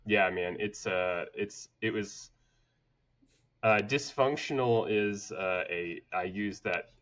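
Man, middle-aged, from Atlanta, podcast guest, candid storytelling, halting with fillers, fairly low pitch, muffled lo-fi audio. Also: fairly bright tone. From Atlanta, southern United States. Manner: halting, many fillers and restarts, laughs while telling stories. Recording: dull lo-fi audio.

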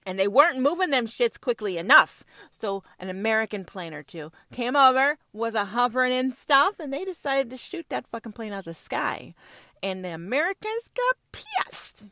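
A woman's voice: on the high side, big pitch swings, normal speed, sharp tone, no echo, studio quality. A woman podcast host delivering a fiery, profane monologue full of rhetorical questions. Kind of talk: opinionated monologue.

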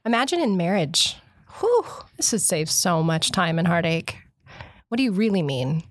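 Lively woman co-host, quick laughs, dry studio sound. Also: fairly low pitch, no echo. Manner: animated, laughs often. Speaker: podcast co-host. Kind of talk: casual chat.

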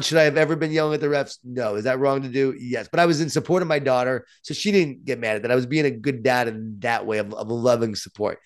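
A man from Long Island with a New York accent, an author telling stories as a guest, animated and self-deprecating. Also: mid-range voice. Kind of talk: storytelling in conversation.

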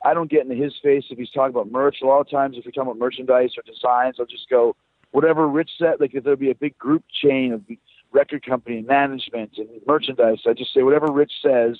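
A man's voice: mid-range voice, fast, dry recording. Man on a tinny phone line. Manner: loose, swearing, animated storytelling. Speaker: rock band frontman, guest. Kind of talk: casual phone interview.

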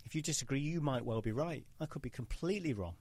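A man hosting a casual podcast conversation. He is emphatic and opinionated and keeps rambling through his points at a middling pitch. The recording is dry and close. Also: lively intonation, fast, darkish tone, husky, no room sound. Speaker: podcast host. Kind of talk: casual interview chat.

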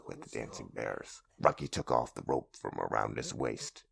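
A man narrating a comedy audio drama in a deadpan, steady manner. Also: a bass voice, moderate pace, gravelly.

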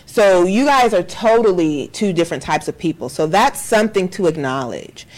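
A middle-aged woman talks candidly on a podcast, swearing freely and giving blunt relationship advice. Her voice sits a little low. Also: lively intonation, moderate pace. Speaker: podcast co-host. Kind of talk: casual advice chat.

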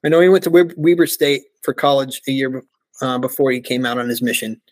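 An American man in his forties, a podcast guest telling lively stories, laughing often and mimicking voices. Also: medium pitch, quick pace, no echo. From United States. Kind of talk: casual storytelling interview.

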